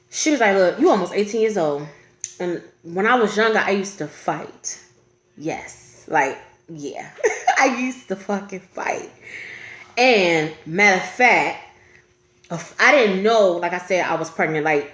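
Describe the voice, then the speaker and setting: Animated woman telling a story, echoey room. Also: medium pitch, normal speed. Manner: animated, laughing, acts out quoted voices. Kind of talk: casual storytime vlog.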